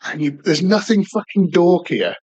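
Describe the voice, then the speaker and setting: A man's voice: sits high, animated, moderate pace, a little mellow, muffled recording. A man co-hosting a podcast, chatting casually over beers in a rambling, sweary, jokey way. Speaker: podcast co-host. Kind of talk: casual pub chat.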